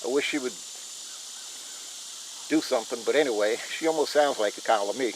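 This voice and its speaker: A man's voice: mid-range voice, brisk, rough recording. A man chatting casually to his viewers on a homestead vlog, folksy and plain-spoken, recorded outdoors. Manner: folksy, talks straight to viewers as "y'all" and "guys". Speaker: homestead vlogger. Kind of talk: casual chat to camera. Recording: loud outdoor noise with crickets and insects.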